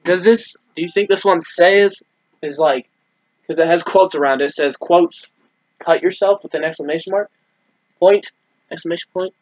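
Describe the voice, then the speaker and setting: Gaming host, let's play, giggly banter, earnest reading of game text, mid pitch. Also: normal speed, poor audio. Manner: giggly and unsure when chatting, earnest when reading aloud.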